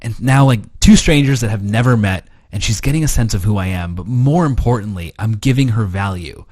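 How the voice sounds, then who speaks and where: A man's voice: fairly low pitch, a little fast, a little mellow, dry recording, clean studio sound. A man teaching a recorded dating course lesson in a casual, blunt way, swearing freely. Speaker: dating coach.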